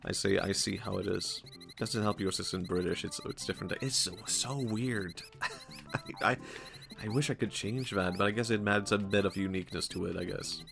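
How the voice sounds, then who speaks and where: A man with a low, gravelly voice rambles through casual gaming commentary. He jokes around and laughs often, with faint game music under him. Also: a little fast. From Sweden. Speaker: streamer.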